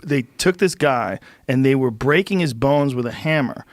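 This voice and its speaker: A man's voice: mid-range voice, expressive, dry recording. Middle-aged podcast host man, dry sound. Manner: conversational, quick reactions, swearing. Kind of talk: casual chat.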